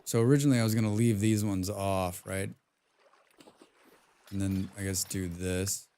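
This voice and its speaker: A man with a low, fairly flat voice and a dark tone speaks at a normal speed over a faint hiss or hum. He's live-streaming a game, rambling casually, reading chat aloud and humming tunelessly to himself while he plays.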